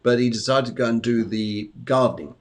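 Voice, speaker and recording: A man's voice: mid-range voice, fairly even intonation, a little fast, a little hiss or hum. A man hosting a live psychic medium show, chatting casually and rambling, often repeating his phrases. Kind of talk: live-streamed casual chat and readings. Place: indoors at home during a storm.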